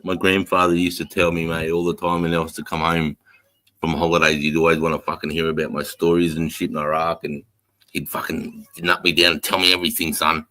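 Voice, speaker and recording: Brief: middle-aged Australian man, very low voice with a bright edge, foul-mouthed storyteller. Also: flat delivery, a little fast. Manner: swears a lot, tells stories, uses rhyming slang. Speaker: live stream host. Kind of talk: casual chat.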